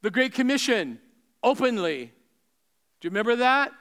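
A man preaching a sermon with emphatic delivery that swings between raised exclamations and hushed asides. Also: very high-pitched, sing-song, moderate pace, clean tone.

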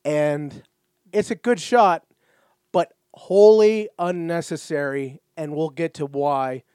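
A man with a somewhat high voice chats casually on a podcast. He often repeats words as he starts a thought and laughs easily. The sound is close and dry. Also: slow, dark tone, clear, resonant tone, no room sound. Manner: stammering restarts, laughs easily. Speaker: podcast co-host. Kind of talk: casual recap chat.

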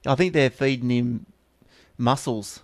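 A man's voice: mid-range voice, measured pace, no room sound. A man co-hosting a casual tech podcast, joking, laughing often and reading news items aloud. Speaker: podcast co-host.

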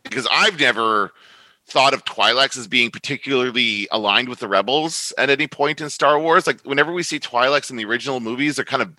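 A man's voice: medium pitch, brisk, bright, forceful tone, dry recording, rough recording. A man from Canada, co-hosting a podcast in casual chat, rambling and correcting himself as he goes. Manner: rambling, self-correcting, chatty. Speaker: podcast co-host.

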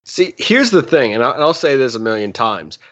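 A man's voice: mid-range voice, big pitch swings, fairly quick, a bit bright. Rambling, laughing male podcast co-host, mid voice, muffled lo-fi audio. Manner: rambling, laughs and stumbles over words. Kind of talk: casual chat.

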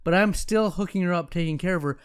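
A man's voice: sits high, quick pace, clean tone. A man who runs an optometry practice telling a story in a frank, conversational way, quoting himself and others as he goes. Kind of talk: casual storytelling talk.

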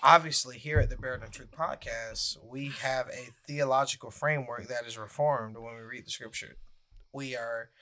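A man's voice: medium pitch, fairly even intonation, normal speed, bright, forceful tone. A man co-hosting a casual faith podcast, talking in an earnest way and stopping to laugh at his hiccups. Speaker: podcast co-host. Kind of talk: casual podcast chat, reading a confession aloud.

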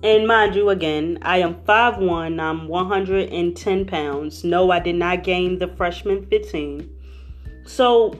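A young woman telling a personal story in a lively, conversational, slangy way. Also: fairly low pitch. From Philadelphia.

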